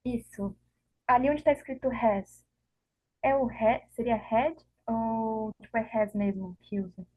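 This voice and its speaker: A woman's voice: a little high, steady tone, normal speed, a little mellow, low-quality recording. A woman student, asking hesitant questions in class. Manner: hesitant, asks questions with fillers.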